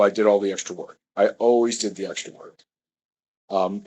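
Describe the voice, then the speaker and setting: A man's voice: lowish voice, breathy edge, low-quality recording. A man telling a meandering personal story, often correcting himself mid-sentence.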